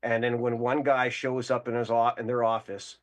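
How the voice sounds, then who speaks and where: A caller from Winnipeg, Canada phones in to a show and rambles through a crude, boastful story while laughing along. His mid-range voice has little pitch movement and a moderate pace.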